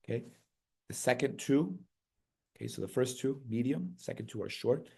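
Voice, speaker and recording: A man teaching a hymn chant step by step, singing short syllable phrases between quiet explanations and often checking in with "right?". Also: medium pitch, animated, normal speed, gravelly, breathy edge. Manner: patient, checks in with "right?" and "okay?".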